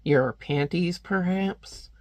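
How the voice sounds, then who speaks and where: A man reading the lines of a smarmy, sinister young creep from a comic, in a slow, oily way. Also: high voice, no room sound, pitched above the performer's own voice.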